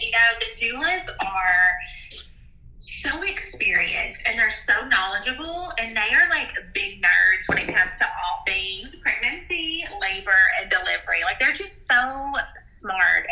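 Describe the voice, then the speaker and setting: A woman's voice: medium pitch, lively intonation, a little slow, pushed and bright, reverberant, low-quality recording. A woman working as a doula service coordinator, speaking on a call in a friendly, upbeat and enthusiastic way. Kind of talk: phone call.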